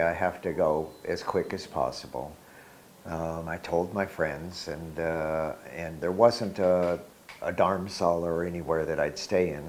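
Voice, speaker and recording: A man in his sixties telling a personal spiritual story in an unhurried, reflective way, with soft laughs. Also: low-pitched, slight background noise.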